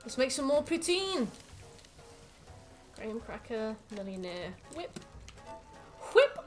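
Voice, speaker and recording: Her voice is on the high side, swinging widely in pitch, and she speaks slowly with faint music behind her. This English-accented woman gives casual gameplay commentary as a streamer, reading ingredients aloud and swearing a bit during playful rants.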